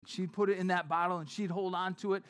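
A male preacher giving a sermon as conversational storytelling, often dropping to a soft, hushed tone. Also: high voice, level tone, fast talker.

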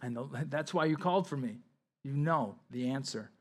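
A man's voice: mid-range voice, animated, moderate pace. A man preaching a sermon, reading scripture aloud and explaining it with emphatic asides. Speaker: pastor.

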